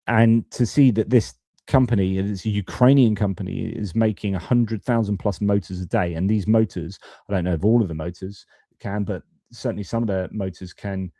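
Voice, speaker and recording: Blunt man in his forties, dark low voice. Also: moderate pace, dry recording, clean studio sound. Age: 40s. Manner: blunt, conversational, casual swearing, many restarts and fillers. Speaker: host of a geopolitics live stream. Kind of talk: unscripted live stream commentary.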